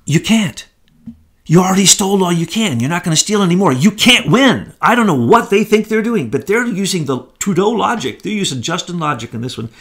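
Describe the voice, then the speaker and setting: A man with a fairly high-pitched voice talks in an emphatic, scornful way. He co-hosts a political commentary chat. His speech is pointed and insistent. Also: lively intonation, fairly quick, vocal fry, a bit bright. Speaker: co-host.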